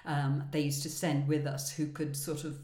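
Low-voiced woman in her sixties, roomy sound. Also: flat delivery, normal speed, mellow. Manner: laughing storyteller, self-deprecating. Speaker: podcast co-host, former broadcaster. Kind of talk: casual chat, anecdotes. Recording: roomy echo.

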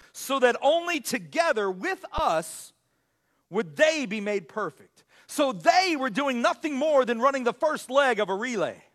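Male pastor, very high voice, animated sermon delivery, frequent restarts. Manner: animated, self-correcting preacher with frequent restarts.

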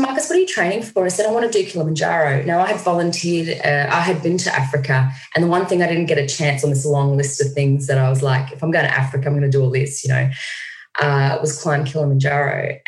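A woman, a guest on a video call, telling stories in a lively way and acting out what people said. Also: sits low, fairly quick. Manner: animated storyteller, acts out quoted lines. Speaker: guest speaker. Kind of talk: casual video-call conversation. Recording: echoey room.

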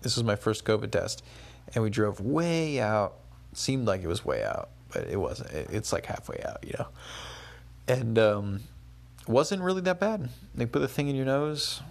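A man's voice: lowish voice, sing-song, moderate pace, vocal fry. A young man talking through his day as a casual spoken travel diary, rambling and conversational, with many fillers and restarts. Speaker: travel vlogger.

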